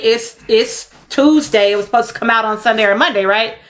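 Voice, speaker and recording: A woman's voice: fairly high pitch, a little fast, hardly any pauses, fairly bright tone. A young adult woman, hosting a casual commentary livestream, emphatic and fond of repeating her points. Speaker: livestream host.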